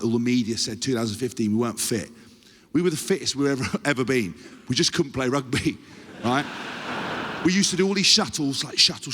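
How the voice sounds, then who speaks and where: Bright-voiced man telling a rowdy story live. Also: medium pitch, big-room sound. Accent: English. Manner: animated storyteller, heavy swearing, acts out other people's voices. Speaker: podcast host telling a story on stage. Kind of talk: live comedic anecdote. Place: live show in a large venue.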